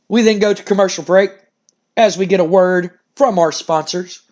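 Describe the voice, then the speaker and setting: High-voiced man narrating a wrestling sim. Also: fairly even intonation, normal speed, darkish tone. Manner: rambling, cursing, chuckling. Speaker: game streamer.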